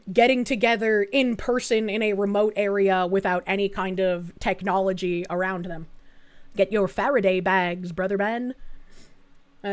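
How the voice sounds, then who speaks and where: A young woman streamer chatting casually, reading viewer messages aloud and answering them. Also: mid-range voice. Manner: chatty, reads messages aloud, frequent fillers and laughs. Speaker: streamer reading chat donations. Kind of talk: casual livestream chat.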